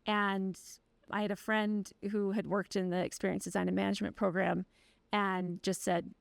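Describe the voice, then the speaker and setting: A woman's voice: medium pitch, level tone, moderate pace, gravelly, no room sound. A woman guest on an interview podcast, telling personal stories candidly and with wry humor. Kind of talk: casual conversational interview.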